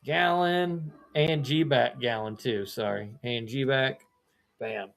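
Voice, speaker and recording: Laid-back card breaker from missouri, slow chatty live stream, calls out names one by one. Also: medium pitch, vocal fry. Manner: chatty, rattles off player names, self-correcting asides. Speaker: live trading card seller.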